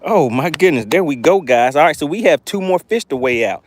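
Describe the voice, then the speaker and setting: Excitable man hosting a fishing stream. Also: on the high side, a little fast, no echo. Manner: excitable, exclaiming. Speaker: fishing livestream host. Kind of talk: live fishing commentary.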